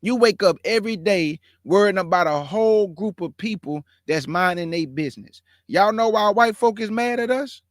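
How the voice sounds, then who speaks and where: A man's voice: high voice, lively intonation, moderate pace, hardly any pauses, no echo, studio quality. A man hosting his own show, giving heated, emphatic religious commentary that repeats its points. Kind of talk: impassioned preaching commentary.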